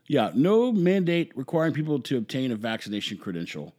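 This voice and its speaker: A man's voice: medium pitch, sing-song, brisk, mellow. Emphatic, rambling male commentator. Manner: emphatic, rambling, repeats words. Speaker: commentary host. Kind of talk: opinionated monologue.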